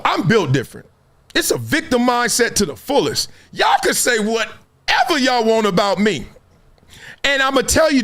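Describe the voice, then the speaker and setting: The middle-aged man running this live sports talk stream from home has a very high-pitched, fairly bright voice. He answers chat with forceful build-ups and frequent bursts of laughter.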